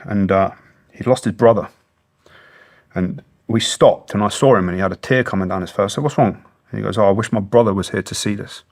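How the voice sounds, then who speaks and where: A British man in his thirties, a former soldier telling his story as an interview guest in an earnest, plain-spoken way, swearing freely. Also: lowish voice. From Britain. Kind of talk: long-form interview storytelling.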